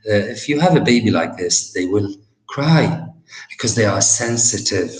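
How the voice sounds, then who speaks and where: A man with an Arabic accent teaching English vocabulary in a recorded university lesson, speaking slowly and patiently with many "uh" pauses and explaining through everyday examples. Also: on the low side, expressive, a little mellow, roomy sound, poor audio.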